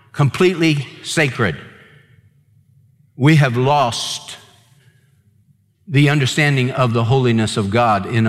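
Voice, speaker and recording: A man's voice: medium pitch, long reverb tail. A man preaching a sermon as pastor, emphatic and repeating words for stress.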